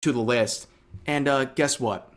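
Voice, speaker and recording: A man's voice: mid-range voice, measured pace. A man narrating a commentary video in a mocking, sarcastic way.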